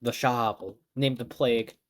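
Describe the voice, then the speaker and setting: A man's voice: medium pitch, fairly even intonation, normal speed. Giggly young man narrating a game. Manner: playful, giggly, breaks off into laughing asides. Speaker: streamer reading a visual novel aloud. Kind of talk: dramatic narration mixed with joking chat.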